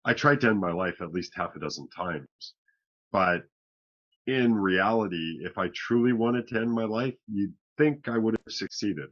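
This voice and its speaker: A man's voice: on the low side, expressive, moderate pace, lo-fi sound. A middle-aged man from Canada, a podcast guest, telling his own story frankly with wry, self-deprecating humor. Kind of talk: candid personal storytelling.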